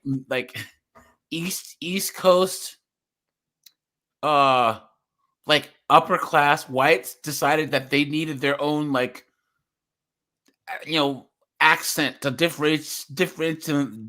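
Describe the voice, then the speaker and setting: Brief: bright, slightly high male host, loose, rambling and laughing. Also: slow pace. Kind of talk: casual reaction chat.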